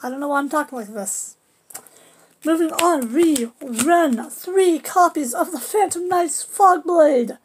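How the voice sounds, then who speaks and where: A woman with a high voice talks through her card game deck in a loose, casual way. She is playful and cheeky, trash-talking imagined opponents and throwing in goofy sound effects. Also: unhurried, a little hiss or hum. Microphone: camera on a table.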